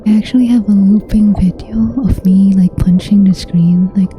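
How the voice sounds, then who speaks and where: A woman's voice: mid-range voice, fairly even intonation, normal speed, dark tone, slight background noise. A woman streamer talking with her chat in a whispered ASMR style, playful and teasing, often giggling.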